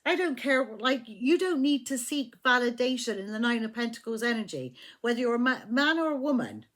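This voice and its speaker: A woman's voice: fairly high pitch, big pitch swings, fairly quick, fairly bright tone. A woman giving a casual, chatty tarot reading, swearing freely and checking in with the listener again and again. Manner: chatty, profane, keeps asking "do you know what I mean". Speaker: tarot reader.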